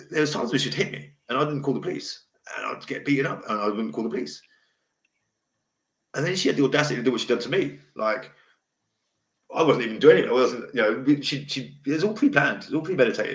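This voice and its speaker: A man talks straight to his live viewers, frank and heated, swearing freely. His voice sits at an ordinary middle pitch. The room around him rings with a noticeable echo. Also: fairly quick, pauses often. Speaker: livestream host. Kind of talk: casual live chat answering viewers. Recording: roomy echo.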